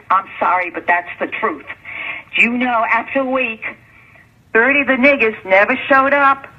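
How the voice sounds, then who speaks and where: A woman's voice: medium pitch, bright, forceful tone, breathy edge. A middle-aged woman leaving an angry, profane voicemail, ranting and repeating herself. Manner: furious, profane, repetitive ranting. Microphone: telephone. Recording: lo-fi phone voicemail.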